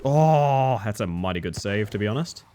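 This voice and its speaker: A man's voice: on the low side, lively intonation, moderate pace, mellow. A man live-streaming a game, chatting casually and dryly to his viewers with self-mocking asides. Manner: dry, self-mocking, talks to chat.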